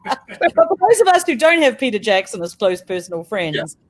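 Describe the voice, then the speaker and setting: A woman's voice: on the high side, sing-song, normal speed. A woman with a New Zealand accent on a video call, chatting playfully and with dry humor as a livestream guest. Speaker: guest author. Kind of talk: casual chat on a livestream.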